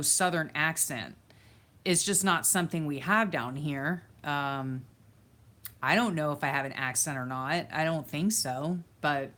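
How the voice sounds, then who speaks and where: Hosting a live stream, a woman from Florida, USA, reads viewer comments and chats casually, laughing often. Her voice is deep with a fairly bright tone.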